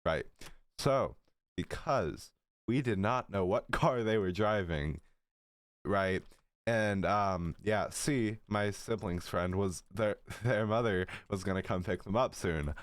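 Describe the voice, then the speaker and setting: A teenage boy with a lowish voice speaks slowly in a storytime vlog, with no echo in the recording. He rambles through his stories, giggling and dropping profane asides, his throat sounding a little dry.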